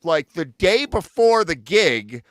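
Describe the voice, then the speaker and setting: A man's voice: on the high side, takes it slowly, no echo. Chatty guy host rambling through a story, bouncy voice, dry sound. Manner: animated, chatty, lots of fillers. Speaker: show host and musician. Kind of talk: casual storytelling.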